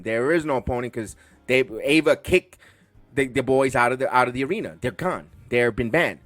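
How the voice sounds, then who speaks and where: A podcast host from the Bronx, reviewing a wrestling show in a loose, excitable ramble. His voice sits at an ordinary middle pitch and sounds dry and close. Faint music plays quietly underneath. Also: moderate pace, dry recording. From the Bronx, New York. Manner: rambling, excitable, many restarts.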